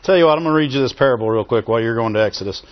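A man's voice: mid-range voice, rapid-fire. A man preaching a sermon, repeating phrases for emphasis, chuckling between points and asking his listeners for an "Amen". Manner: asks the congregation for call-and-response "Amen?". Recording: dull lo-fi sermon recording.

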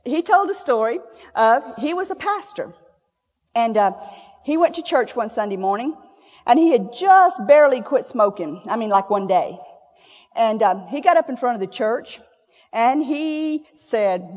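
A woman's voice: fairly high pitch, lively intonation, moderate pace, darkish tone. A woman giving a sermon in a church, telling stories in a folksy, chatty way and laughing often. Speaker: church speaker. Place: church sanctuary. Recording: echoey church hall, dull lo-fi sound.

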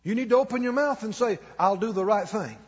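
A male pastor with a high, husky voice drives his sermon home and has the congregation echo his lines. His voice rings with a long church reverb on a dull, lo-fi recording. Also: lively intonation, fairly quick. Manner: emphatic, calls the congregation to repeat after him. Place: church sanctuary.

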